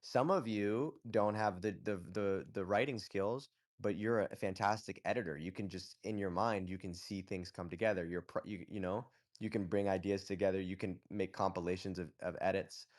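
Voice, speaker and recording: A man with a fairly low voice hosts a loose live audio chat. He coaches his listeners bluntly, swears freely, and keeps checking in with "okay?". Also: steady tone, normal speed, few pauses. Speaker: host.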